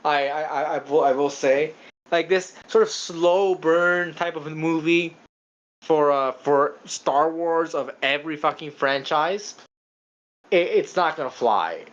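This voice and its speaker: A man's voice: fairly high pitch, measured pace, highs cut off. A man co-hosting a podcast, chatting casually about a film in a rambling way, full of stammered restarts and casual swearing. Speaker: podcast co-host. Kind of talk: casual film review chat.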